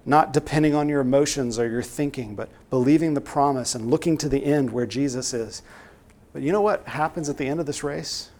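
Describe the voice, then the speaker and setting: A man's voice: medium pitch, a little fast, darkish tone. A man preaching a sermon, earnest and exhorting, with many direct rhetorical questions to the listeners.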